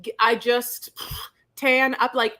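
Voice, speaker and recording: A woman's voice: a little high, flat delivery, slow, bright, forceful tone. A woman co-hosting a podcast, sassy and playful, chatting casually and calling people "honey". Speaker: podcast co-host. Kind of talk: casual chat.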